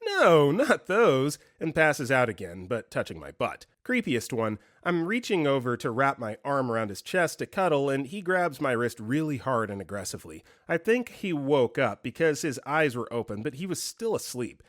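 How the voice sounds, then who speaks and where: Male story narrator, expressive and animated, dry close-mic voice-over. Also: mid-range voice, normal speed, hardly any pauses, no room sound. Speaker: story reader. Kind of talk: reading online stories aloud.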